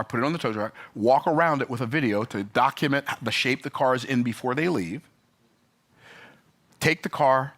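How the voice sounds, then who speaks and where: A man telling a story and ranting about customer service, emphatic and animated with sudden pitch jumps. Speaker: business vlogger. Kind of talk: opinionated talking-head rant.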